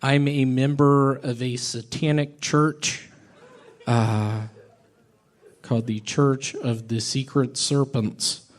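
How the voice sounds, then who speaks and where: Slow deadpan man on a club stage. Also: mid-range voice. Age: 30s. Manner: slow, halting deadpan delivery with odd pauses. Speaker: comedian. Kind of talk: deadpan stand-up set.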